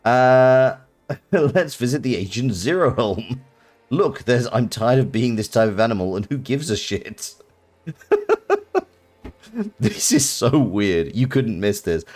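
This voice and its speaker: A man's voice: mid-range voice, animated, takes it slowly, long pauses, a little mellow. A British man streaming a video game live, reacting with amused laughter. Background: faint game music.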